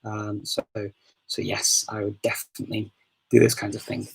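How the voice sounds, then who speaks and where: A man's voice: on the low side, level tone, moderate pace, vocal fry, slightly rough, rough recording. A man from Liverpool with a Scouse accent, hosting a casual live Q&A. He chats, laughs often, and fills his answers with ums and restarts. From Liverpool, England. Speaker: host of a live Q&A.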